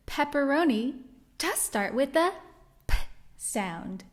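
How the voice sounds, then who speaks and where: A woman's voice: a little high, big pitch swings. A woman teaching a children's phonics lesson, sounding out letters carefully and giving cheerful praise. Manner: slow, cheerful, exaggerated praise for kids. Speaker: reading teacher for young children.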